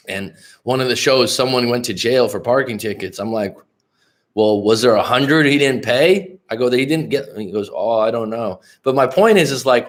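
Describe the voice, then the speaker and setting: A talkative, outgoing young American man from California, telling stories casually to a livestream chat. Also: medium pitch. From California, Bay Area. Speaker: life coach hosting a livestream. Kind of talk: casual storytelling to live chat.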